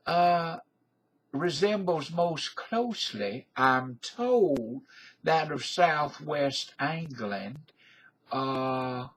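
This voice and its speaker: A man in his fifties talks to camera in an unhurried, meandering monologue, full of folksy asides and filler words. His voice has a husky grain and an easy, slow pace. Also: mid-range voice, low-quality recording. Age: 50s. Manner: folksy, digressive, filler-heavy. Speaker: video blogger. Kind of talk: rambling casual monologue.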